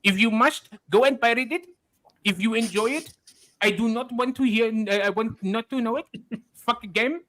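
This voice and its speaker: A man's voice: very high-pitched, moderate pace, a bit bright. A man doing a whiny, furious online ranter. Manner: indignant ranting, overdone outrage.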